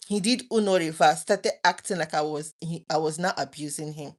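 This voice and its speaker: A woman in her thirties with a fairly low voice speaks to her viewers in a late-night personal talk. She is earnest and openly emotional, and she often breaks off and restarts her sentences. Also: a little fast. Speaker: vlogger.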